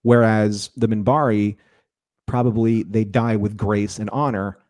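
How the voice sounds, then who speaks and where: Guy co-hosting a review show, warm low-key voice, lots of restarts, dry close mic. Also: fairly even intonation, unhurried, no echo. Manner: rambling, repeats words, frequent restarts. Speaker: podcast co-host. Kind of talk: casual review discussion.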